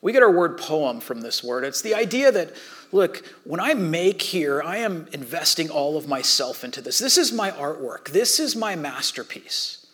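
Higher-voiced man preaching conversationally. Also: very animated, moderate pace. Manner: conversational, swings from loud to hushed. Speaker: pastor. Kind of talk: sermon.

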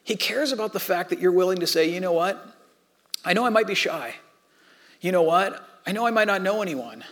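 Animated male pastor preaching. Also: sits high, a little fast. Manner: animated storytelling, dropping to soft near-whispers. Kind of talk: sermon.

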